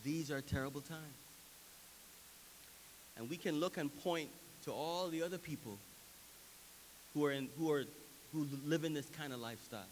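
A man preaching a sermon, moving from quiet reflection to loud, emphatic preaching. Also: on the high side, normal speed, long pauses, long reverb tail, slight background noise. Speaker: pastor.

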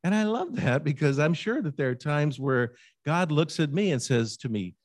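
A man preaching a sermon in a conversational, animated way, sometimes dropping to a near hush and asking listeners direct questions. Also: on the high side, normal speed, dry recording, clean studio sound. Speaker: pastor.

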